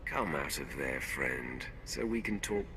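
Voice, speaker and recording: Gravelly, scornful Sith warrior. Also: male voice, very deep voice, lively intonation, measured pace, sharp tone, slight background noise, heavily acted. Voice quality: gravelly, contemptuous. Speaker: player character in a video game.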